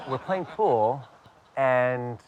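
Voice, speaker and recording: Man from pittsburgh, wry self-mocking storyteller, mid pitch, live audience vibe. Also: expressive, normal speed, fairly bright tone, muffled recording. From Pittsburgh, USA.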